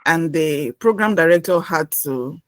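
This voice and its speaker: Mom chiming in, lowish voice, hesitant ums, dry sound. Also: female voice, animated, measured pace, no room sound. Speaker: mother commenting. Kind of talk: casual comment on a call.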